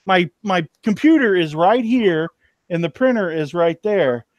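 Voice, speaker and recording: Middle-aged man, folksy, rambling, repeats himself, slightly high voice. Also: lively intonation, unhurried, no room sound. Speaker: reseller on a live stream. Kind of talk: casual late-night chat.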